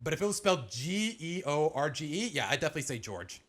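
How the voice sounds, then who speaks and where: Young man, lively rambling streamer. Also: fairly high pitch, fast talker. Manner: rambling, with frequent restarts and slang. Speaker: streamer reacting to a video. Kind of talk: casual live-stream chat.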